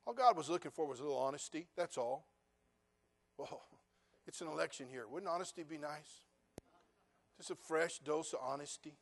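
A man with a fairly high voice delivers a sermon from the pulpit. He fires plain, pointed questions at the congregation and slips in dry, sarcastic asides. His delivery swings between hushed remarks and loud, rising stretches of preaching. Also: expressive, moderate pace, pauses often. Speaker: pastor.

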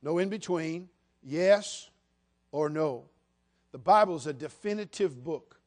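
A man's voice: fairly high pitch, expressive, measured pace, a little mellow. A man in his sixties from the United States, preaching a sermon in a folksy, humorous storytelling way. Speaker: pastor.

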